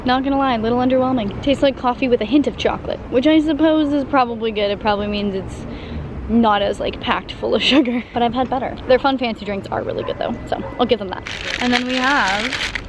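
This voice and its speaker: Upbeat woman vlogger, fairly high voice, casual chatty delivery, echoey room with faint noise. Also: a little fast. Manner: chatty, upbeat, many likes and laughs. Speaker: fitness vlogger. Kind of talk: casual vlog chat. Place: home kitchen, then out and about.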